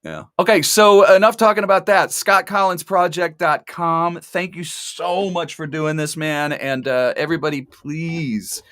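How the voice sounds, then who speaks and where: A man's voice: a little high, measured pace, hardly any pauses, fairly bright tone, dry recording. A man from Texas hosting a casual talk show, chatty and rambling, with dry sarcastic humor. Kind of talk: casual chat.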